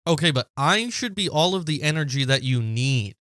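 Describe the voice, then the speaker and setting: A man's voice: fairly high pitch, animated, moderate pace, fairly bright tone, dry recording, clean studio sound. A young man co-hosting a casual podcast, cocky and teasing, defending himself. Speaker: podcast co-host. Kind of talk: casual banter.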